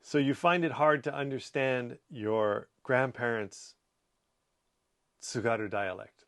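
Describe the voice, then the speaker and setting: Male host, middle pitch, relaxed chatty read of viewer comments on a casual stream. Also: takes it slowly. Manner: breaks into playful high scolding voices. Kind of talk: casual livestream comment reading.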